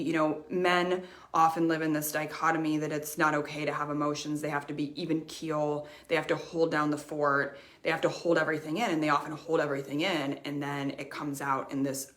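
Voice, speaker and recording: Earnest woman, lower voice, repeats for emphasis. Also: a bit bright. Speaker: life coach hosting a live stream. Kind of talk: personal motivational talk. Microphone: streaming mic.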